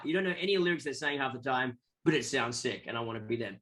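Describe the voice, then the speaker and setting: A man's voice: medium pitch, fast talker, few pauses, sharp tone. An Australian man, a guest musician, telling rambling stories in a casual interview and acting out the voices of people he quotes.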